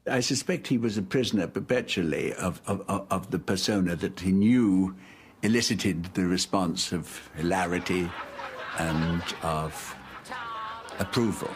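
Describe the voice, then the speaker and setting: A man in a documentary interview, speaking haltingly and repeating words as he thinks. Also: sits low, slight background noise. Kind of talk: reflective interview.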